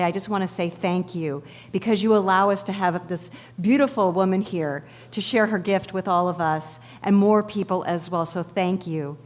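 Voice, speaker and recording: A woman minister in a church sanctuary effusively inviting the congregation to give an offering. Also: mid-range voice. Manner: enthusiastic, effusive. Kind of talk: leading the offering in a church service.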